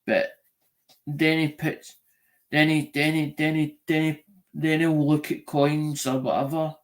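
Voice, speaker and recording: A man with a Scottish accent chatting casually on a live stream, rambling and often restarting and repeating himself. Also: fairly high pitch.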